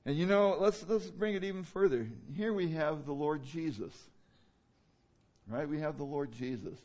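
A man preaching a sermon in a conversational way, with many fillers, who now and then rises into loud, emphatic bursts. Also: on the high side, moderate pace. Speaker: pastor.

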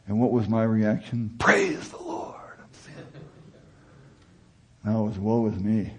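Male preacher, middle-aged, slightly breathy tone, mixes chatty asides with emphatic declarations. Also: fairly low pitch, warm tone. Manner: conversational preaching, rising to emphatic peaks. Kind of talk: sermon.

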